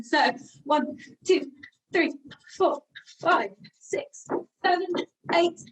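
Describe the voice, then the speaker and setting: Over video, a British singing workshop leader with a high voice runs an energetic warm-up game, walking around the room and calling out moves. She's slightly out of breath and picked up from a distance, speaking very slowly with long pauses.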